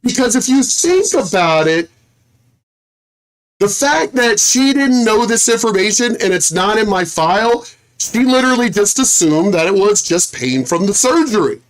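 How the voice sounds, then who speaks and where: High-voiced, profane man telling a story. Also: normal speed. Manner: animated, profane, repeats himself. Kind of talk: casual livestream storytelling.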